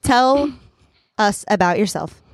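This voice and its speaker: A woman's voice: mid-range voice, expressive, takes it slowly, no echo, clean studio sound. Earnest young woman telling stories. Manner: earnest, rambling storyteller. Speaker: podcast host. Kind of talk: casual faith chat.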